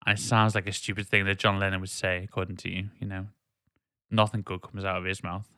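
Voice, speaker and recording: A man's voice: deep voice, flat delivery, fast talker, pushed and bright, smooth, no echo, studio quality. A man, hosting a casual podcast quiz in a joking, teasing way. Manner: joking, teasing, reads quiz quotes aloud. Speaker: podcast host running a quiz. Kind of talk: casual chat.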